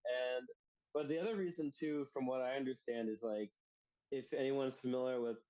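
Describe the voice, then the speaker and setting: A man's voice: medium pitch, normal speed, poor audio. A man co-hosting a podcast, chatting casually and loosely, with lots of fillers and restarts. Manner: relaxed, rambling with many fillers. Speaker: podcast co-host. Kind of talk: casual chat.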